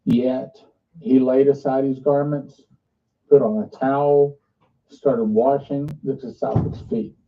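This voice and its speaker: A man leading a ministry makes an earnest, halting fundraising appeal mixed with preaching. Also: mid-range voice, fairly even intonation. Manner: earnest, halting, restarts often. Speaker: ministry leader. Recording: muffled, distant played-back clip.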